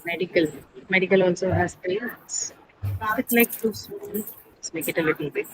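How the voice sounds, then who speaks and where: A woman teacher leading an English pronunciation lesson, patiently repeating each word slowly for her students. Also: on the low side, slight background noise, low-quality recording. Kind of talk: classroom lesson on syllables and stress.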